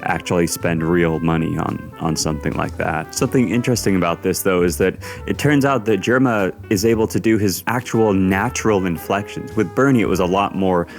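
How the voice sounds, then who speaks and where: Male narrator for a commentary video, low-pitched, wry storytelling over soft music. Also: brisk, hardly any pauses.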